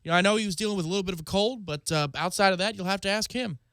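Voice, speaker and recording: A man's voice: high-pitched, fairly bright tone, smooth, no room sound, clean studio sound. Chiming-in radio co-host man. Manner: chimes in with quick agreeing remarks. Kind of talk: sports talk radio banter.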